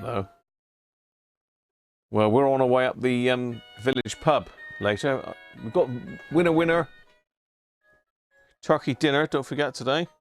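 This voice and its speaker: A man hosting a casual livestream, chatting, laughing often and greeting viewers by name. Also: mid-range voice. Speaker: livestream host. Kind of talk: casual live chat reading viewer messages.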